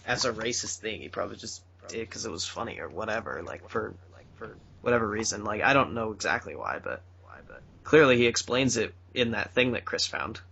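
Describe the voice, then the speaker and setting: A man's voice: lowish voice, expressive, a little fast, vocal fry, hardly any pauses, pushed and bright, a little hiss or hum. A man co-hosting a casual podcast, chatting loosely and often trailing off and restarting. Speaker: podcast co-host. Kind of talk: casual chat. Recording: dull lo-fi podcast audio.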